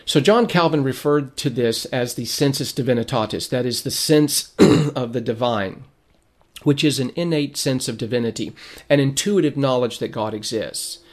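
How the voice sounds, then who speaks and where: A man teaching a sermon in a measured way, reading quotations aloud, who is losing his voice and keeps clearing his throat. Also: mid-range voice. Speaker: preacher.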